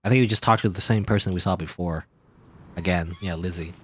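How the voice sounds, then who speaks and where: A man's voice: sits low, brisk, slightly rough. A man streaming a video game, joking around playfully and reading the on-screen text aloud. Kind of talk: gaming livestream commentary.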